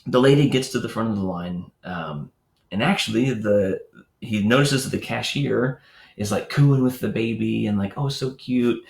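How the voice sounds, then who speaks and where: Male host, lowish voice, casual teacher telling stories, echoey room. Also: normal speed, creaky. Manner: conversational, storytelling with filler words and asides. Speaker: educator hosting a morning enrichment show. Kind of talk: casual teaching talk to parents.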